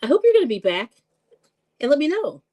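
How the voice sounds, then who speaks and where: A woman hosting a live-stream cooking show, chatting casually, laughing often and greeting viewers with excited squeals. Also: high voice, brisk.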